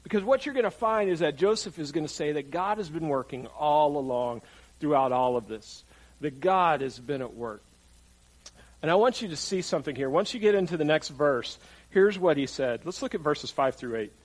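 A man's voice: fairly high pitch, animated, moderate pace, poor audio. A man preaching a sermon in a conversational way, repeating his phrases for emphasis. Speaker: pastor.

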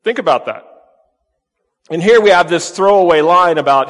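A man's voice: high voice, lively intonation, normal speed, fairly bright tone. A man preaching a conversational sermon as pastor, full of rhetorical questions. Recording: long reverb of a large hall.

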